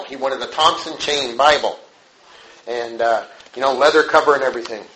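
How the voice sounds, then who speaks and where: A man's voice: medium pitch, fairly even intonation, normal speed, sharp tone, slight background noise, low-quality recording. A middle-aged man preaching a conversational sermon, acting out little quoted voices as he goes.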